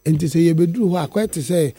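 This man talks fast in a voice on the high side, dark and slightly rough, with no room sound. He's a musician guest in an interview conversation, speaking earnestly and emphatically while switching between English and Twi.

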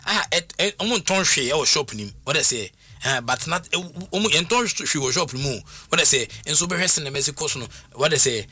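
Ghanaian man, middle-aged, lively storyteller, bright husky voice; casual talk show guest. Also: on the high side, a little fast, no echo. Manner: animated storyteller, often asks "what I say?". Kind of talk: casual talk mixing Twi and English.

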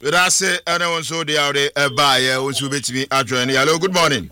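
A man with a Ghanaian accent hosting a call-in sports radio show, greeting callers briskly. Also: on the high side, a crowd in the background.

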